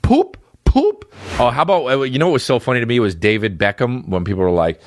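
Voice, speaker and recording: A man's voice: medium pitch, lively intonation, very fast, no room sound, clean studio sound. A man hosting a comedy podcast, riffing and jumping into exaggerated character voices. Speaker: podcast host.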